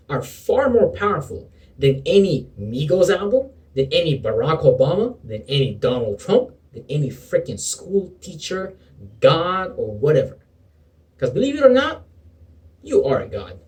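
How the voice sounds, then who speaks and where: A motivational video preacher delivers an impassioned spiritual pep talk to camera, preachy and at times sarcastic, calling the listener bro and man. His voice is a little high with a darkish tone, and he's far from the mic in a rough recording.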